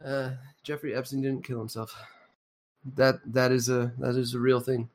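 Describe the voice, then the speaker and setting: A man's voice: medium pitch, flat delivery, normal speed, a little mellow. A man co-hosting a podcast in casual, profane chat, rambling with many fillers and a sarcastic edge. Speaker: podcast co-host.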